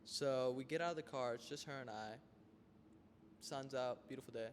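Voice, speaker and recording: Young adult male podcast host, animated, vivid storyteller, mid-pitched voice in a reverberant room with faint hiss. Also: normal speed. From Florida, United States.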